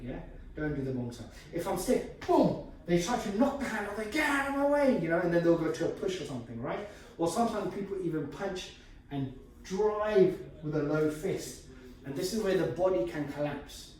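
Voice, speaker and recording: A man's voice: a little high, darkish tone. A man teaching a martial arts technique, explaining step by step while he demonstrates. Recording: echoey room from far off, faint noise.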